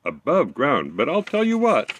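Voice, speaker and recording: A man voicing a wise young male fiddler in a storybook reading, with a calm, reasoning tone. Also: a little high, normal speed, a little hiss or hum, pitched above the performer's own voice. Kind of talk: storybook read-aloud.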